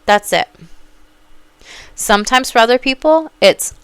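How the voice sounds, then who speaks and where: A young woman gives life advice as a psychic coach, blunt and sassy, with swearing and loud outbursts of emphasis. Her voice is bright and crisply clear. It is recorded close up in a dry room. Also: on the low side, expressive, normal speed, no room sound. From Minnesota. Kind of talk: casual advice monologue.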